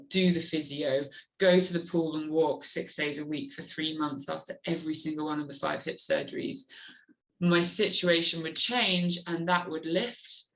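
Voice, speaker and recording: A woman's voice: low-pitched, low-quality recording. A woman guest in an interview, speaking earnestly and openly about coping with pain. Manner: earnest, animated when acting out her inner voice. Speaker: guest, adventure motorcyclist. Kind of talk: candid interview talk.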